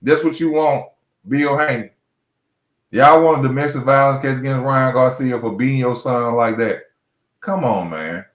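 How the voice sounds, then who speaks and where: A boxing commentary host with a medium-pitched voice, speaking at normal speed, delivers a heated solo rant. Blunt and mocking, he hammers each point twice and speaks straight to fighters, in an echoey room with slightly muffled audio.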